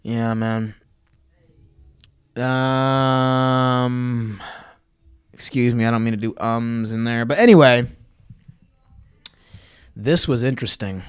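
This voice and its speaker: A man's voice: mid-range voice, steady tone, slow, long pauses, clean tone. A young man hosting his own podcast livestream, chatting loosely to viewers with fillers, tangents and plugs for his channels. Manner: rambling, loose, with fillers and self-promotion. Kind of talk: casual livestream chat to viewers.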